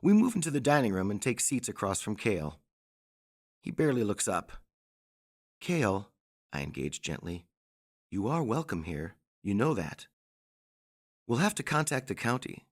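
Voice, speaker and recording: An actor playing a kind, rational middle-aged scientist and father, narrating an audio drama in a gentle, measured way. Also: on the low side, sing-song.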